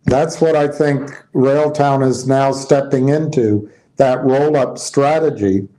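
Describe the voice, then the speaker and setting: A man gives casual stock market commentary, reading headlines aloud and musing on them in a loose, tired manner, yawning and restarting sentences. His medium-pitched voice is warm with fairly even intonation and a slow pace, on a low-quality recording.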